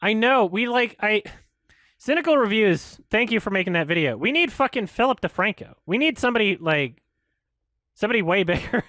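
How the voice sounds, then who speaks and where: A frustrated man rants on his commentary show. His voice sits high and leaps all over the place as he swears and vents. The sound is dry, with no room echo. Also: fairly quick. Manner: frustrated, swearing, animated ranting. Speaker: YouTube commentator. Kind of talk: ranting commentary.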